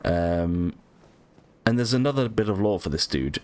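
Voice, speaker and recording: A man's voice: deep voice, lively intonation, normal speed, darkish tone. A man giving casual, rambling let's-play commentary, with lots of ums, casual swearing and self-mockery. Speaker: gaming channel host.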